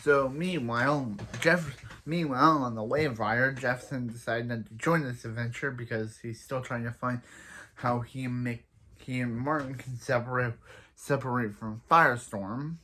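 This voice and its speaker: A man's voice: mid-range voice, moderate pace, bright, forceful tone, a little hiss or hum. A young man giving a casual, rambling recap of a TV episode, often stumbling and restarting his sentences. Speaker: show reviewer.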